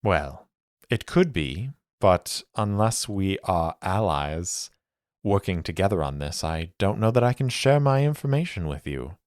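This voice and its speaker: A man playing a sly, smooth-talking male mercenary with courteous, measured speech. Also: sits low, animated, darkish tone, no room sound, studio quality.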